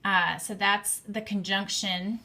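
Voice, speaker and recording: A woman's voice: medium pitch, fairly even intonation, takes it slowly, sharp tone. A woman teaching a class on Hebrew grammar, explaining step by step in a patient way with some fillers.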